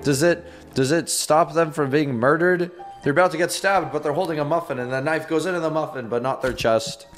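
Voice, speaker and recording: A young man hosting a game video, commenting in an excitable, jokey way and laughing often. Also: a little high, a little fast, faint music behind. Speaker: gaming video host. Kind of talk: let's-play commentary.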